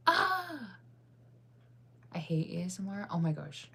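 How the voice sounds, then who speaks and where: Lowish-voiced woman streamer, giggly and chatty with chat, gets hyped fast. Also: creaky, husky. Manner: chatty and giggly, quick to get excited. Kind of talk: casual livestream chat with viewers.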